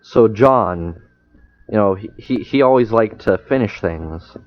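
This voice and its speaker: A young man, a podcast guest, telling a story in casual chat, halting with many fillers and restarts. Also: on the low side. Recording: muffled lo-fi sound.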